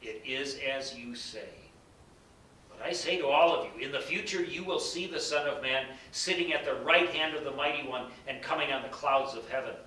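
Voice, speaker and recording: A man voicing Jesus, a calm male teacher on trial who speaks in a steady, measured way, in an echoing room with a distant mic. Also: close to an everyday voice. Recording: bright roomy echo, distant mic, faint rumble.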